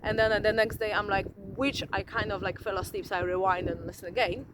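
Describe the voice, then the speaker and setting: Profane, animated woman vlogging outdoors. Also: mid-range voice, fairly quick, noisy background. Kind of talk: casual monologue to camera.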